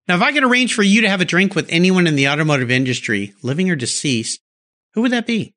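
A man's voice: sits high, very animated, quick pace, sharp tone. A man hosting a podcast, asking questions with upbeat enthusiasm. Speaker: podcast host. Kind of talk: podcast interview.

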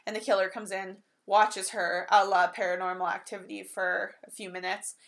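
A woman's voice: medium pitch, flat delivery, moderate pace, fairly bright tone. A woman co-hosting a movie podcast, chatty, laughing often as she recaps scenes and agrees with her co-host. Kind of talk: casual chat recapping a movie.

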